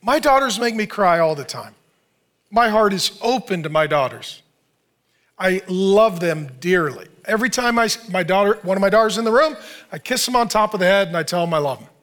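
A middle-aged man preaching a sermon in an animated, joking way. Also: high voice, a little fast. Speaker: pastor.

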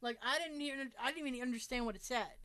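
A woman's voice: high-pitched, fast, bright, forceful tone, no room sound. A woman casually telling a story to friends, swearing freely and acting out the voices of the people in it. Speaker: podcast host telling a story.

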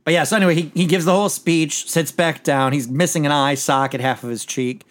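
A man's voice: on the high side, steady tone, brisk. A man chatting casually as a podcast host, rambling through a TV episode recap with lots of restarts and the odd swear word.

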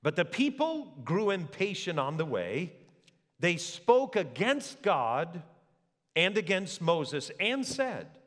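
Animated preacher in a reverberant hall. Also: male voice, high-pitched, slow. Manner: animated preaching, rhetorical questions to the congregation. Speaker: pastor. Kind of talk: sermon.

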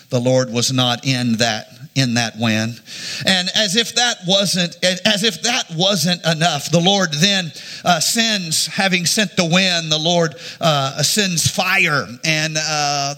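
Bright-voiced male preacher, earnest. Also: fairly high pitch. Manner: earnest preaching with frequent restarts and fillers. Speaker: pastor. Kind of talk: sermon.

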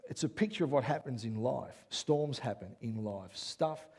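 Gravelly man preaching a sermon. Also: mid-range voice, normal speed. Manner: builds to loud excited preaching, asks "yeah?" often. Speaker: pastor.

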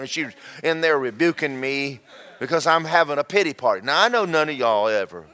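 A man preaching a sermon, folksy and animated, repeating himself and breaking into shouted asides. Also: medium pitch, fairly quick. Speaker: pastor.

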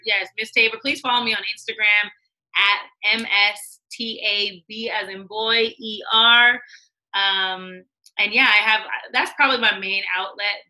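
Appearing as a guest in a casual interview, an American music executive tells stories in a bright, medium-pitched voice, animated and laughing often as she acts out quoted voices. The recording is rough.

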